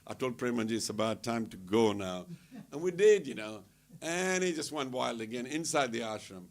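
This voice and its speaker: Speaking at normal speed in a medium pitch, this temple speaker shares humorous travel tales with a gathering at the temple. He laughs frequently and performs other people's lines in an animated, casual storytelling style.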